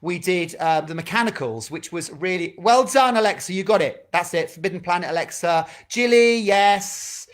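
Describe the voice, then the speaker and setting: A man's voice: high voice, animated, moderate pace, few pauses. Chatty man leading drama club games. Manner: chatty, encouraging, fumbling with setup. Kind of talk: leading a charades game over video call. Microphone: video call.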